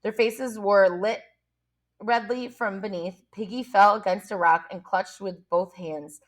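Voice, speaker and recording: A woman teacher reading a novel aloud to her class, steady with small slips. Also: mid-range voice, a little slow. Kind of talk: audiobook reading.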